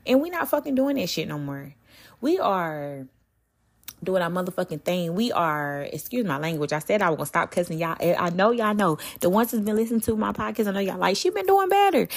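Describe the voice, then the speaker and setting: A woman's voice: lowish voice, brisk. A young adult woman hosting her own podcast. She talks candidly in slang, curses often and speaks straight to her listeners. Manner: candid, slangy and animated, with frequent cursing. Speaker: podcast host. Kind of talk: casual solo podcast talk.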